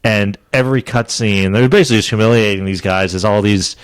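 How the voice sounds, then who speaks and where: Co-hosting a podcast, a young man spins a long, rambling story in casual chat, laughing along the way and putting on high squeaky voices for the people he quotes. He talks briskly with a clear, resonant tone, and the recording is dry.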